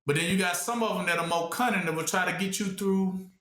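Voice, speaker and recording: Preaching to a small group, a man with a high, bright voice talks fast, his words ringing around an echoey room. In loose, colloquial call-and-response teaching, he poses rhetorical questions and leaves gaps for the congregation to fill in.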